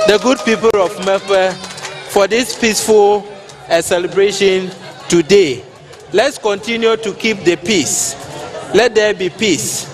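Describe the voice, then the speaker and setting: A man giving an emotional outdoor festival speech, repeating his thanks to sponsors on behalf of the town. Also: sits high.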